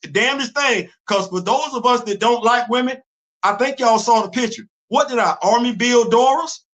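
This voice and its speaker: A high-pitched, bright middle-aged man hosts his own casual commentary show. He speaks heatedly and emphatically, hammering his points with repetition. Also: moderate pace. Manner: heated, emphatic, repeats himself. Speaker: host.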